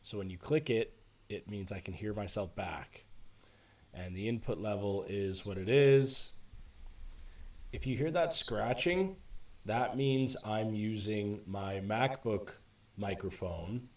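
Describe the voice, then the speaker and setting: Man, music production teacher, tutorial walkthrough, fairly low voice, chatty and self-correcting, USB desk mic. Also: takes it slowly. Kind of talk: screen-recorded tutorial walkthrough. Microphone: USB desk microphone.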